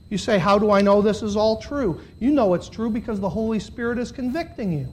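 A man preaching a sermon to a congregation, swinging between loud, high, impassioned stretches and low, earnest appeals. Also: fairly quick, hardly any pauses, a little hiss or hum. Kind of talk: sermon with altar call. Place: church.

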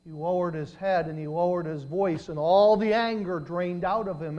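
A man preaching a sermon, telling a story with dramatic swings from loud to hushed. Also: high-pitched, steady tone, normal speed, hardly any pauses, highs cut off.

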